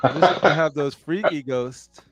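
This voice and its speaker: A man's voice: fairly high pitch, normal speed, over music. A man co-hosting a casual chat who laughs often and reacts with surprise. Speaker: podcast co-host.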